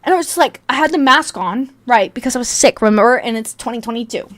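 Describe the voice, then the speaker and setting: A woman's voice: fairly high pitch, fast. Profane, rambling young woman streamer. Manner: profane, rambling, animated storytelling. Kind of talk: casual live-stream storytelling.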